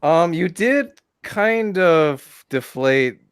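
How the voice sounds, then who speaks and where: A man's voice: a little high, animated, very slow, clean tone, no room sound, clean studio sound. A man hosting a livestream debate, wryly moderating guests and reading out viewer messages. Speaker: livestream host.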